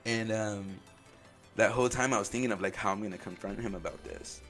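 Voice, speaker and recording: Male podcast host, very low voice, halting and openly emotional storytelling. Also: a bit bright, soft background music. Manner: halting, full of "like" and "um" fillers. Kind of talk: personal storytelling.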